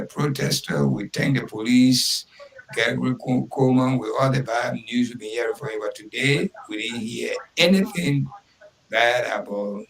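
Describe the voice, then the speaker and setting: A man's voice: medium pitch, creaky, a bit bright, low-quality recording. A man hosting a radio show, giving an earnest, emphatic weather report and repeating key words. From Liberia. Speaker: radio host.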